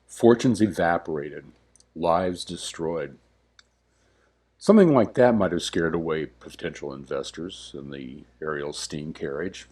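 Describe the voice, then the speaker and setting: A man's voice: sits low, mellow, slightly rough. A man narrating a scripted comic history piece, with wry, dry asides.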